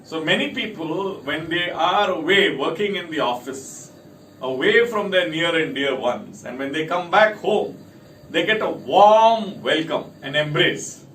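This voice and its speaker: With a fairly high, animated, and slightly bright voice, this company speaker from India delivers an unhurried talk to camera, hitting each point on his list with emphasis. He's recorded off mic in an echoey room with faint noise.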